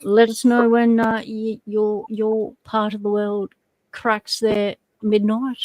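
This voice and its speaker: A woman's voice: mid-range voice, level tone, slow pace, darkish tone, no room sound, rough recording. A woman co-hosting a casual livestream, chatty and teasing as she greets viewers by name. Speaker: livestream co-host.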